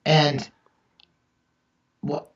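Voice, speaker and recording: Guy telling stories in an interview, acts out all the voices, sounds far off in a roomy space, kinda dull audio. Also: very slow. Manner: animated storyteller acting out dialogue. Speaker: author and interview guest. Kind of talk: storytelling interview chat. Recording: echoey, distant, dull remote audio.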